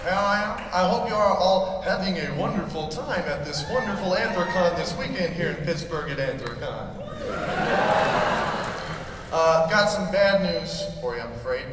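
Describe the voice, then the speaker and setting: High-voiced ranting male comic. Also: normal speed. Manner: mock-pompous, crude, ranting. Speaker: stand-up comedian. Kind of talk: ranting stand-up set. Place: large convention hall stage. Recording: echoey hall recorded from far off, crowd noise. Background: audience laughing and cheering.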